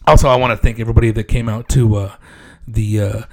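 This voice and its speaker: A man's voice: on the low side, steady tone, fast talker, gravelly. A man hosting a comedy podcast in a casual, joking monologue, loosely repeating "yes, yes" and "man". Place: podcast studio.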